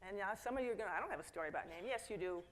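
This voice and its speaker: A middle-aged woman giving a conference keynote talk in a lively storytelling manner, slipping into quoted voices and asides to the audience. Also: medium pitch, very fast. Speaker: keynote speaker. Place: conference hall.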